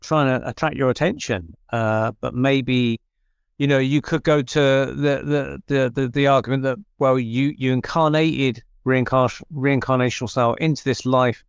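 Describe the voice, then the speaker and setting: A man, a paranormal researcher, telling an animated anecdote in casual conversation, with many restarts. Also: mid-range voice, moderate pace, vocal fry, clear, resonant tone, no room sound, clean studio sound. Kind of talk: conversational storytelling.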